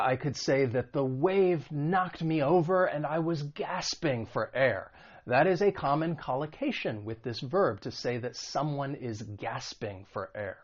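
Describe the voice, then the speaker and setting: A man teaching an English lesson, patiently explaining word meanings and modeling pronunciation slowly and clearly. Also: a little high. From United States. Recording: dull lo-fi recording.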